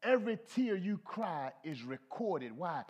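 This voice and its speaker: A middle-aged male pastor preaching a folksy sermon, swinging from low soft asides to shouted peaks. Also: very animated, unhurried, slightly rough, dull audio. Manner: folksy, talks to the congregation.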